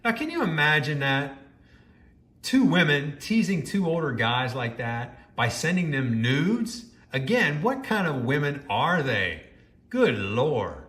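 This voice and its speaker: A man's voice: fairly high pitch, sing-song, a little slow, a bit bright, reverberant. A man reading a first-person story aloud and breaking off into judgmental, scolding commentary.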